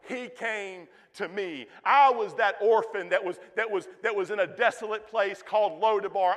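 A man in his forties preaching a sermon with passion, rising loud and dropping to a hush, often repeating his words. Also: sits high, long reverb tail. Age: 40s. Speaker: pastor.

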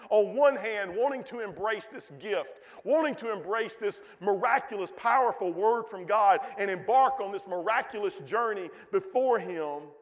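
A man's voice: high-pitched, animated, normal speed, few pauses, in a large hall. A man, a pastor preaching a folksy, emphatic sermon in a church.

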